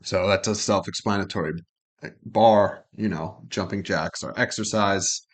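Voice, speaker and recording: Here the man speaks unhurriedly in a fairly low, steady tone. Co-hosting a reaction channel, he unpacks song lyrics in a relaxed, talkative manner with plenty of swearing.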